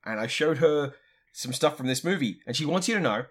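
A man's voice: fairly high pitch, expressive, brisk, breathy edge. A man co-hosting a podcast, chatting casually in a dry, offhand way and laughing easily. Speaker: podcast co-host. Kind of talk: casual chat.

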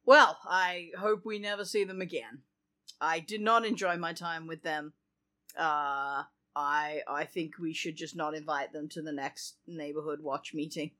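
A woman's voice: sits low, steady tone, a little slow, bright, forceful tone. A woman co-hosting a casual podcast chat, sarcastic and gleeful. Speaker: podcast co-host.

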